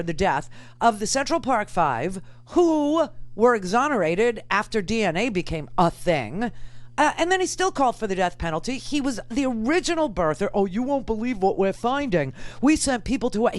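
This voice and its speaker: A woman's voice: medium pitch, no room sound. A middle-aged woman hosting political talk radio, emphatic and indignant, repeating phrases for effect. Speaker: radio talk show host.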